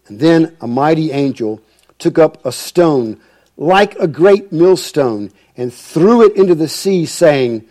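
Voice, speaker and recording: A man's voice: on the high side, lively intonation, slow, dark tone. A male pastor reading scripture and preaching a sermon, stressing key words with emphasis.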